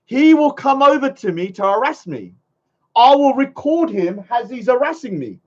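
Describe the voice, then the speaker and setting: A man's voice: extremely high pitch, big pitch swings, moderate pace, darkish tone. A man, vlogging casually to a live chat, rambling and mocking his critics. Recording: dull lo-fi sound.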